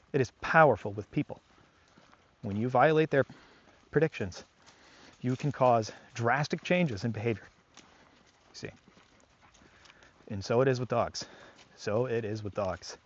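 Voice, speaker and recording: Male dog trainer, earnest, repeats for emphasis; outdoor walk, lo-fi sound. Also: mid-range voice. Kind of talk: explaining on camera while walking a dog. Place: outdoors on a park trail.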